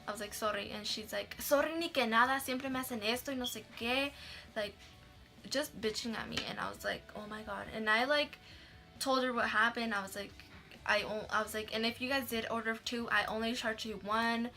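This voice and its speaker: A woman's voice: on the high side, fairly even intonation, brisk, sharp tone, soft background music. A young woman telling a story in a casual vlog, chatty, swearing freely and acting out the people she quotes.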